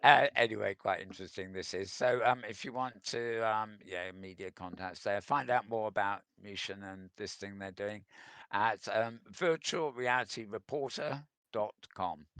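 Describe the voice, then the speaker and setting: A man hosting a relaxed news roundup, reading out articles and adding wry asides with a chuckle. His voice is lowish but bright and forceful, and it is recorded close and dry with no room sound. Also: normal speed, clear, resonant tone, no room sound. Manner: chatty, wry asides, frequent ums and chuckles. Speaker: news show host.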